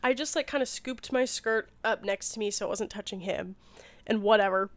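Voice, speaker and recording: A young woman from the Midwest, co-hosting a podcast and telling a story in casual chat, animated and full of "like" and laughs. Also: mid-range voice, brisk, no room sound. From Midwest, Missouri. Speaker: podcast co-host.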